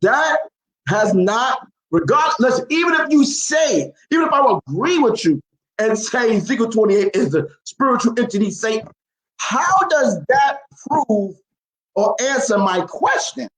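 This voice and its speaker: A man's voice: very high voice, lively intonation, measured pace, fairly bright tone. Insistent man debating scripture, roomy sound. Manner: insistent, quotes scripture, repeats himself. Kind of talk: heated religious debate.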